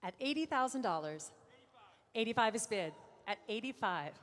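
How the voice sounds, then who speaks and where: A woman's voice: fairly high pitch, expressive, fairly bright tone. Woman auctioneer calling bids in a hall. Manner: brisk bid-calling with playful asides to bidders. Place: large auction room. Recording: long hall reverb.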